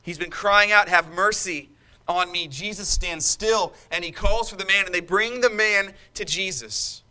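A man with a noticeably high voice preaches a sermon from the pulpit. His delivery is impassioned and emphatic, and he turns to his congregation for a response. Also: sharp tone.

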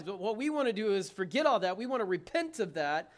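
Very animated and fairly quick, a high-pitched man preaches in a conversational way, quizzing the congregation and alternating loud emphasis with hushed tones.

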